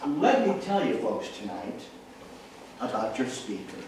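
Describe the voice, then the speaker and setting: A man's voice: on the low side, measured pace, very noisy. A man, an evangelist telling a humorous story in a sermon while moving about the room. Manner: animated, jokey, walks about the room. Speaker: evangelist preacher. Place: church sanctuary. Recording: echoey church hall from far off.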